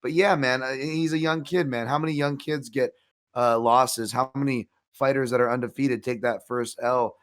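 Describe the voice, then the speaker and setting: A man's voice: medium pitch, steady tone, moderate pace, a bit bright. A man co-hosting a betting show, analysing fights in casual chat with many restarts and asides. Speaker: co-host, MMA analyst.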